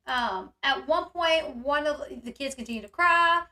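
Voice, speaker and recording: High bright-voiced woman commentator. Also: unhurried, few pauses, reverberant. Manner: animated, reacts loudly, acts out quoted yelling. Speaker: commentary host. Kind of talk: casual commentary on a news video.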